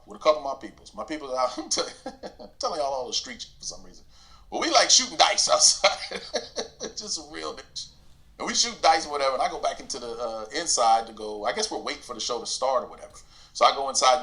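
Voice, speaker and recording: A man casually telling a long story, animated and acting out what people said, laughing as he goes. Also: fairly high pitch. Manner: animated, acts out quotes, laughs while telling.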